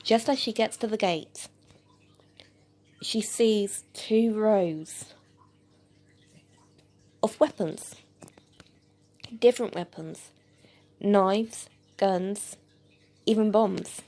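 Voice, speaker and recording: Gravelly, mellow-voiced woman telling a story. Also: medium pitch, very slow, long pauses. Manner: plain reading with hesitant fillers. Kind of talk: amateur audio story narration.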